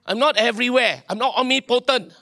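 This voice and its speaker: A man preaching a sermon, animated, with local particles and many restarts. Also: very high-pitched, fast. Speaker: pastor.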